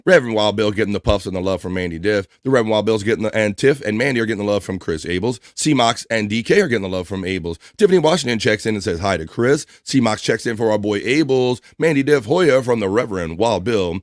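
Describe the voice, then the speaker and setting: A man's voice: lowish voice, lively intonation, fast talker, few pauses, dry recording, studio quality. Profane, hyped-up male stream host. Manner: loose, profane, hyped banter. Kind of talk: casual chat reading out live chat.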